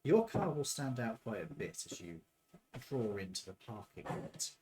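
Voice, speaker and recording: A man serving as game master, describing scenes in a relaxed, descriptive way. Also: lowish voice, moderate pace. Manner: descriptive, relaxed, with filler ums. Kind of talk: narrating a tabletop game.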